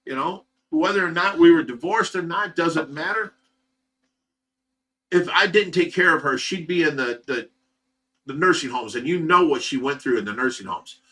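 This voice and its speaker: A man with an Ohio accent rambles through a personal story on a livestream, circling back and restarting often. His voice is bright and forceful and sits a little high for a man. He sounds set back from the microphone, so the room carries a little. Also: expressive, moderate pace. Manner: rambling, repetitive, many fillers and restarts. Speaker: livestream host. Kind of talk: casual storytelling to viewers. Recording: voice some distance from the mic.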